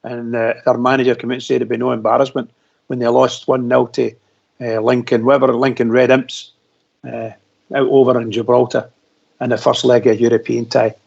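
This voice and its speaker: A man's voice: medium pitch, level tone, brisk, gravelly, darkish tone, slightly rough. A man calling in to a radio phone-in, talking in a rambling, emphatic way. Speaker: caller. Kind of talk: casual phone-in chat. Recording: muffled lo-fi phone-in audio.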